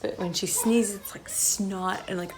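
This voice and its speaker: Her medium-pitched voice is fairly even in intonation and a little slow. This exhausted young mom films a family vlog on a handheld phone inside her messy home, talking casually, sighing, and using "like" a lot.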